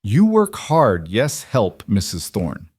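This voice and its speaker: A man's voice: on the low side, huge pitch swings, slow, a little mellow, breathy edge, no echo, studio quality, heavily acted. A man voicing a blunt elderly Norwegian farm wife. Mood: brisk. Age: older. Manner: blunt broken English.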